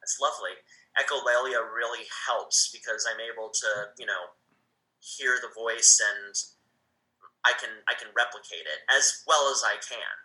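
A man, a voice actor, chatting casually as an interview guest, with halting speech and many restarts. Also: mid-range voice, pushed and bright, rough recording.

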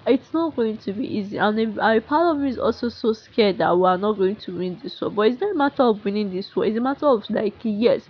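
Frustrated young Nigerian woman, husky voice. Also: mid-range voice, expressive, muffled recording. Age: young adult. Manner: frustrated, halting, many restarts and sighs. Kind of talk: emotional unscripted monologue.

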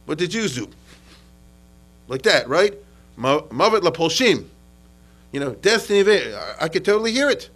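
Animated man giving a history lecture. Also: medium pitch, fast, rough recording. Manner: animated, acts out quotes, many restarts. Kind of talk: classroom lecture. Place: lecture room with students.

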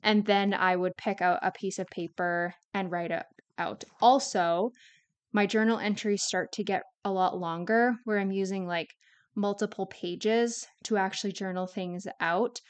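Smooth-voiced woman, candid podcast host. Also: medium pitch, fairly even intonation, a little slow. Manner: casual, rambling, many "like" fillers; candid, confessional. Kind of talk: solo podcast monologue.

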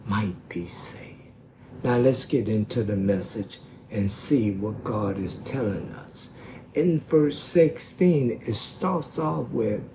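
A man preaching a sermon slowly and emphatically, stretching out key words. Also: mid-range voice, darkish tone, a little hiss or hum.

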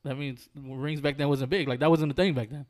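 A man's voice: a little high, fairly even intonation, a little fast, darkish tone. A man co-hosting a podcast, joking and teasing, calling people "dog". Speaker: podcast co-host. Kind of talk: casual chat.

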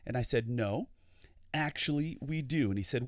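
A man co-hosting a ministry podcast, telling stories in an animated way with preacherly asides. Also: medium pitch, moderate pace, no room sound, clean studio sound. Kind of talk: storytelling podcast chat.

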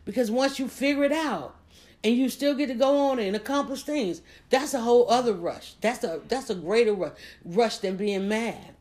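A woman hosting a motivational podcast, talking straight to her listeners in an energetic, preachy way. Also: on the high side, moderate pace. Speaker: podcast host.

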